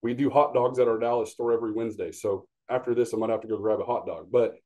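A man's voice: mid-range voice, fairly even intonation, fast, darkish tone, dull audio. A man, a sales manager talking bluntly and animatedly as a podcast guest, acting out quotes as he tells stories. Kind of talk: casual podcast conversation.

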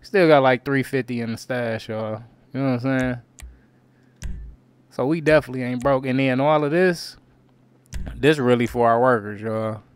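A man streaming a crime roleplay game, talking in character to his viewers in heavy slang and frequent swearing, swinging between low grumbles and loud outbursts. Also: moderate pace, long pauses, clear, resonant tone. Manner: slangy, swears a lot, keeps calling out to viewers.

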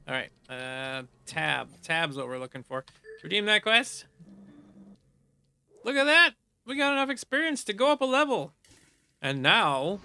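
A man's voice: high voice, pushed and bright, clean tone. A man casually commenting on a game he is playing, reading the on-screen text aloud and adding playful hums and silly sound effects. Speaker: gamer playing through a game. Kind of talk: casual let's play commentary.

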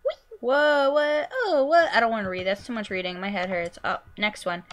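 A young woman commentating her own gameplay, goofy and excitable, yelping and squealing at what happens on screen. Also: medium pitch, moderate pace. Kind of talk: let's play commentary.

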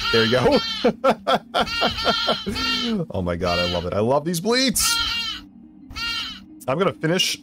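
Excitable man doing goofy game commentary. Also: mid-range voice. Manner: excitable and goofy, laughs often. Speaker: gaming video host. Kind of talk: let's play commentary.

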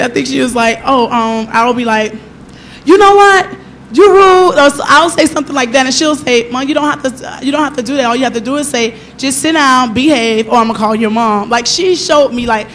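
A woman's voice: high-pitched, brisk, few pauses, fairly bright tone, a little hiss or hum. A middle-aged woman giving a personal testimony at a church service, telling her story with animation and acting out the lines of the people in it.

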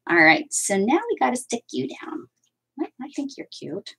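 Casting note: a chatty woman with a husky voice and lively, bouncy pitch, crafting on a home livestream and talking to viewers. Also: drawn-out words, pauses often, poor audio. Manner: chatty, rambling, answers viewer comments aloud. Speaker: crafting channel host. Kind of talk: casual livestream chat while crafting. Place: at home with her cats.

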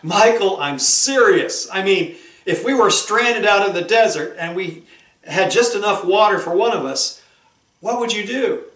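A man's voice: sits high, expressive, a little slow, fairly bright tone, voice pushed up. A man voicing an insistent, exasperated young sitcom wife who keeps pleading with her husband. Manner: pleading, nagging. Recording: roomy echo.

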